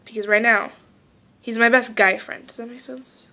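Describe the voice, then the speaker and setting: A teenage girl vlogging casually, rambling through a story with lots of "like" and quoting people in lively voices. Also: on the high side, normal speed. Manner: heavy use of "like".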